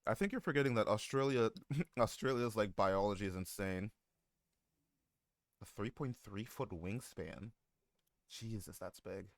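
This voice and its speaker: Male streamer, low-pitched, casual banter with chat, crude jokes and frequent laughs, dry close-mic sound. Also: animated, measured pace, long pauses, no echo. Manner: joking, swears a lot, laughs often. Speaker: live streamer.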